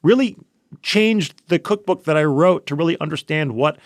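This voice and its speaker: A man's voice: a little high, moderate pace, no room sound, clean studio sound. A man guesting on a podcast as a chef, talking casually in a rambling way full of fillers and restarts. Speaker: guest chef and cookbook author.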